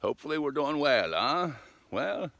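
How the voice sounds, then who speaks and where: A man's voice: a little high, very animated, moderate pace, gravelly, fairly bright tone, dry recording. An older man chatting casually outdoors in cold weather in a rambling, folksy way, talking to his camera. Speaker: vlogger. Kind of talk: casual outdoor vlog chat. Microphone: camera set up outdoors.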